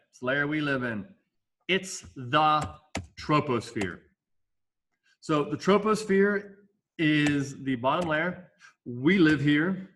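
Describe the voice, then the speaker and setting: A man's voice: mid-range voice, a bit bright. A male science teacher giving a casual, jokey classroom lecture with asides.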